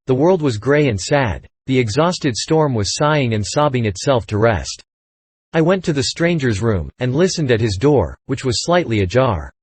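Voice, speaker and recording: A man narrating an audiobook in a measured, expressive storytelling manner on a close studio mic. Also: mid-range voice, husky, no echo. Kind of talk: scripted narration.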